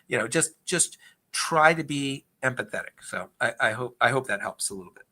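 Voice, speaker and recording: Man, agency speaker, bright tone, earnest, explanatory, conversational Q&A. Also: mid-range voice, lively intonation, moderate pace. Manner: earnest, explanatory, with frequent restarts. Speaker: agency speaker on investor fraud. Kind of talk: conversational Q&A presentation.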